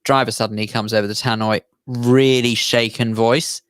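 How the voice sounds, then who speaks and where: A man in the co-host's chair on a radio chat show, his delivery wry and teasing as he drifts into anecdotes. His voice sits at an ordinary pitch, and the studio sound is dry and close. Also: level tone, normal speed, a bit bright, clear, resonant tone, dry recording. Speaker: radio co-host. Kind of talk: casual radio chat and storytelling.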